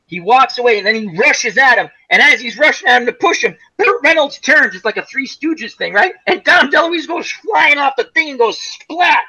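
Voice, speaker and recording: A man's voice: extremely high pitch, normal speed, few pauses, slightly rough, dull audio. A man co-hosting a casual chat show, rambling through stories about movies. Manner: rambling, animated storyteller. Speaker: co-host.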